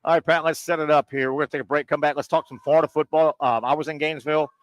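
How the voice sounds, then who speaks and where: A man's voice: on the high side, fairly even intonation, racing, no room sound, poor audio. A man co-hosting a casual sports talk show live from a sports bar, chatty and agreeable, often tossing in "right?" and "yeah". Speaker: sports radio co-host.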